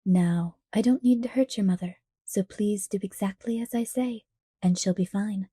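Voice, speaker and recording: Lady reading as a friendly-sounding creepy guy, smooth tenor, quick and calm, dry close sound. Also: medium pitch, dry recording, close to an everyday voice. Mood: calmly menacing. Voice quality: pleasant generic tenor. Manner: quick, smooth, politely threatening. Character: menacing young-sounding male villain, light and friendly. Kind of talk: audiobook character reading.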